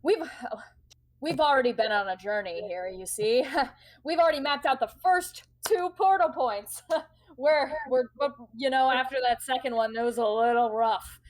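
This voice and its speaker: A woman's voice: natural voice, low-quality recording. A woman voicing a bubbly, confident female elf ship captain who talks in an overeager, gushing way. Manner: gushing, overeager, high and bright.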